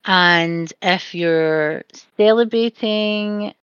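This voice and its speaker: A woman's voice: fairly low pitch, extremely slow, fairly bright tone, clean tone, no room sound, dull audio. A Scottish woman hosting a podcast, reading a poem aloud with dramatic swings, then signing off in an earnest, self-deprecating way. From Scotland. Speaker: podcast host. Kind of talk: podcast poetry reading and sign-off.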